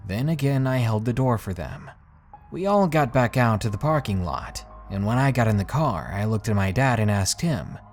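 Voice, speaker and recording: A man with a mid-range voice reads a scripted, creepy first-person story, narrating it with expressive storytelling.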